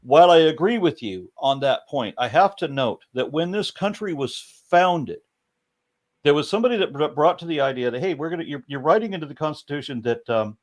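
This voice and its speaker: An American man hosting a livestream panel, making earnest arguments in casual chat. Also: a little high. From United States. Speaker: livestream host.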